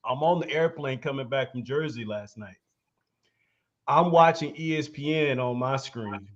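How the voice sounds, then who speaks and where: A man co-hosting a casual chat, telling a story in an animated way and laughing as he talks. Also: mid-range voice, measured pace, muffled recording. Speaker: co-host.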